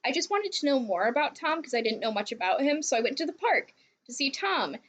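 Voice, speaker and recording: A woman's voice: sits high, big pitch swings, a little fast, a bit bright. A young woman hosting a game playthrough, rambling and laughing through a casual recap and swearing freely. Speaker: let's play host.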